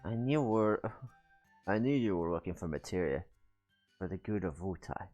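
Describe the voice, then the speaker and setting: A man voicing a stern, regretful older warlord father in a game, reading his lines slowly and solemnly. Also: low voice, expressive, darkish tone, dull audio, faint music behind, pitched below the performer's own voice.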